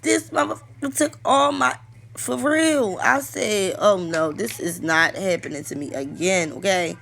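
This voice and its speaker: A woman's voice: mid-range voice, unhurried, creaky, fairly bright tone. A woman, vlogging a casual storytime while trying on lipstick, telling it animatedly with lots of fillers and swearing. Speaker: beauty and coupon vlogger.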